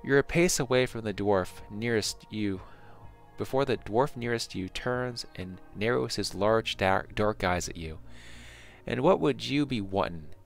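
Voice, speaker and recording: A man narrates a fantasy adventure in the second person, measured and steady with the odd slip. His voice sits low. A quiet music bed runs behind the reading. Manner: measured, with small slips.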